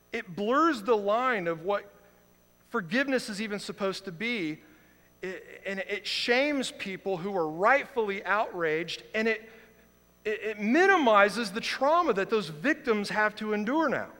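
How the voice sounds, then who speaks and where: A man's voice: high voice, lively intonation, normal speed. Impassioned man preaching in a reverberant hall. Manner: impassioned, swings from quiet to loud outrage. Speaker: pastor. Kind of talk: sermon. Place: church sanctuary. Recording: long reverb of a large hall.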